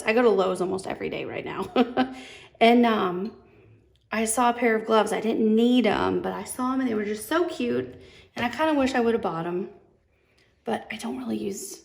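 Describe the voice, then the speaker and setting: A woman's voice: fairly high pitch, vocal fry. A young woman demonstrating machine embroidery, chatty and bubbly, gushing over how cute each step looks. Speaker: sewing instructor. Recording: echoey room.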